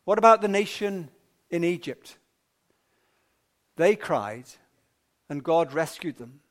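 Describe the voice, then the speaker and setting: A man preaching an evening sermon in a measured, emphatic way with long pauses. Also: fairly high pitch, animated.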